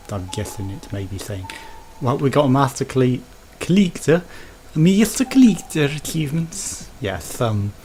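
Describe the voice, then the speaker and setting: Thinking aloud while gaming, this let's play host rambles chattily in a Birmingham accent. His medium-pitched voice has vocal fry. It's a low-quality recording with a bit of hiss or hum.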